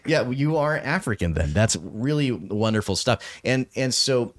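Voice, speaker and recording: A man co-hosting a casual podcast chat, talking in a rambling, halting way with many restarts. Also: mid-range voice, expressive. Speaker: podcast co-host.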